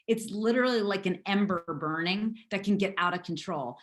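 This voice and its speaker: A hoarse woman leading a motivational team call, emphatic and repetitive as she urges her team on. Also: mid-range voice, brisk, hardly any pauses, fairly bright tone. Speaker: network marketing team leader.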